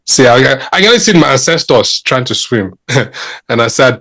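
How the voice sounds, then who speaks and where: A man from Africa co-hosting a podcast, joking around in an animated way and often saying "I beg.". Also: medium pitch, moderate pace, slightly rough, no room sound. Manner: jokey, animated, repeats "I beg". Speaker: podcast co-host. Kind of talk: casual podcast chat.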